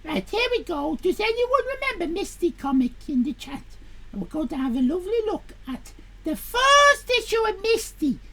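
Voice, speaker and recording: Brief: a woman as a sassy Irish sixteen-year-old, crude and rambling, very high and gravelly. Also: sing-song, moderate pace, a bit bright, full character voice. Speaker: streamer. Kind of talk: live stream in character.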